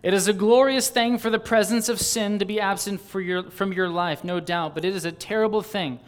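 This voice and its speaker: A man's voice: high-pitched, steady tone, brisk, clear, resonant tone. A man preaching a sermon, reading old diary passages aloud and building fervent, rhythmic lists. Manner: fervent, rising on exclamations and lists.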